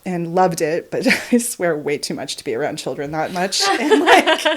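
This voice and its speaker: A middle-aged woman chatting as a podcast guest, telling stories in an animated way, laughing often and swearing freely. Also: lowish voice, moderate pace. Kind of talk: casual podcast chat.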